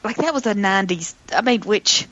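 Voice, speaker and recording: A woman's voice: medium pitch, animated, brisk, fairly bright tone, dry recording. A woman co-hosting a casual podcast, checking her notes and thinking aloud as she talks. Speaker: podcast co-host. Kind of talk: casual chat. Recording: slightly dull, muffled mic.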